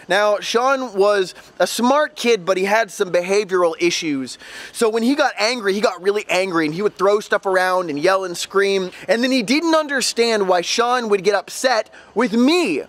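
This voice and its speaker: Male vlogger, high voice, casual storytelling, emphatic and exasperated. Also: moderate pace, a bit bright. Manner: emphatic and exasperated, building to outbursts. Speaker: travel vlogger and former ESL tutor.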